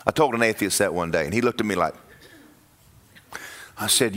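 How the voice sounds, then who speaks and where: Pastor preaching, bright forceful voice, acts out people's voices. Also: male voice, lowish voice, normal speed. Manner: animated preaching, mimics congregation voices. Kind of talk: sermon. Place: church.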